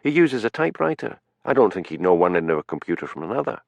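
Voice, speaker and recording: A man's voice: lowish voice, very animated, fast, creaky, no room sound, voice pushed up. A man doing a dry village policeman. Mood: probing.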